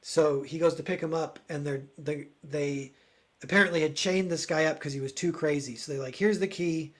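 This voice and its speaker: Casual man streamer, higher pitched, rambling with many fillers. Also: fairly even intonation, normal speed. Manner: rambling, searching for words, lots of fillers; voices quoted characters loudly. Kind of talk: casual chat.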